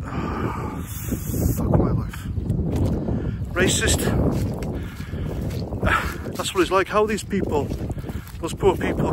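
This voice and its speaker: British bloke in his 40s, sarcastic and sweary, huffing along a country path with his phone, wind and outdoor noise all over it. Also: on the high side. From Britain. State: breathing heavily while walking. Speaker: vlogger, ex-soldier and ex-prison officer. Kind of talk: sarcastic walking vlog monologue. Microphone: handheld phone camera. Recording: outdoor noise while walking.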